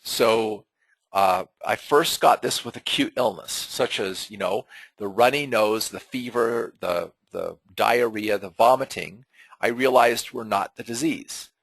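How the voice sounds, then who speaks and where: Husky, gravelly man explaining earnestly. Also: on the low side, measured pace, fairly bright tone, dry recording, rough recording. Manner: conversational and earnest, with frequent fillers and repeated words. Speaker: teacher of an online member webinar. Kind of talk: unscripted webinar teaching.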